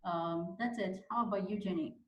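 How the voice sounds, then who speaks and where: Relaxed woman hosting, echoey room. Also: medium pitch, normal speed. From Brazil. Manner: relaxed, uses many fillers like 'you know'. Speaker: meeting host. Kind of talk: hosting a casual online meeting.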